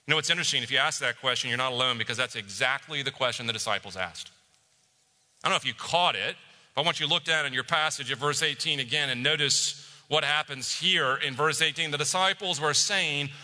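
A man preaching a sermon as a pastor, telling stories with animation and dropping to a hush for reflective moments. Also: medium pitch, brisk, big-room sound.

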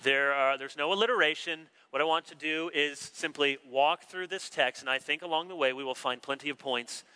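Male pastor, very bright and sharp tone, smooth clear delivery, measured sermon with dry wit. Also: a little high. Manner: measured, emphatic scripture reading with dry humor.

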